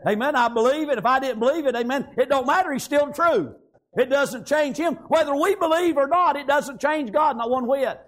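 A man preaching a revival-style sermon, reading scripture slowly, then breaking into emphatic shouts with frequent amens and praise Gods. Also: very high-pitched. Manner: drawn-out scripture reading with pauses; breaks into shouts on key points.

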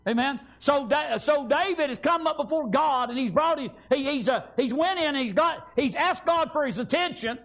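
A man preaching a Thanksgiving sermon, halting with many fillers and restarts and often calling out amen and praise God. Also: very high-pitched, lively intonation, fairly bright tone.

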